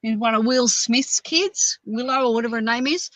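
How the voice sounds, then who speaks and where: A woman's voice: a little high, normal speed, dry recording, rough recording. A woman, rambling through stories as a podcast host. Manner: rambling, animated storyteller. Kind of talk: casual chat.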